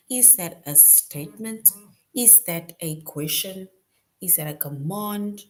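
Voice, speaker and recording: Speaking a little slowly in a mid-range voice, the woman patiently teaches grammar to young kids. She goes over points again and again, often checking in with "right?"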